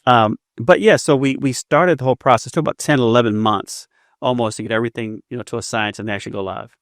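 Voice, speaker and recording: A man in his fifties, an entrepreneur appearing as a guest in a relaxed interview, tells stories in a mid-range voice at a fast clip. He often repeats words as he gets a sentence going. The studio recording is clean with no echo.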